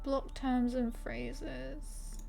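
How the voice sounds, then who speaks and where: A woman's voice: sits high, little pitch movement, extremely slow, vocal fry, mellow, faint music behind. A woman streaming a game, reading quest text aloud in character voices and chatting casually with her viewers.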